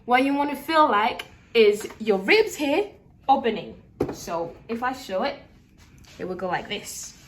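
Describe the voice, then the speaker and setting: A woman's voice: on the high side, animated, unhurried. Chatty woman teaching singing in an echoey room. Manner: chatty, demonstrating breathing as she explains. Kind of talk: casual video lesson. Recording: echoey room from far off, faint noise.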